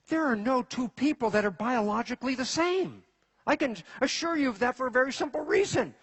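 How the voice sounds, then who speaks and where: A man with a rather high, slightly husky voice lectures a live audience. He is animated, firing rhetorical questions at the crowd and building toward each point. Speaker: speaker giving a lecture. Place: in front of an audience.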